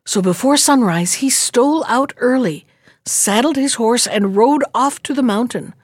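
A woman reading a fairy tale aloud, narrating in a measured, expressive way. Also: a little high, dry recording, clean studio sound. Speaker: storyteller.

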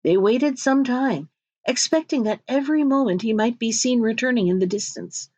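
A woman's voice: fairly high pitch, normal speed, darkish tone, no room sound, dull audio. Give me a woman reading a storybook. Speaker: narrator.

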